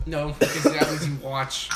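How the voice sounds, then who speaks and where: A man's voice: fairly high pitch, moderate pace, far from the mic, over a noisy crowd. A young man jokingly telling a story about a coworker during a poker game. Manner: joking, laughing storyteller, loud when excited. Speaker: podcast co-host. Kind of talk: casual group chat over poker. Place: room with friends at a poker table. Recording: echoey room with loud music.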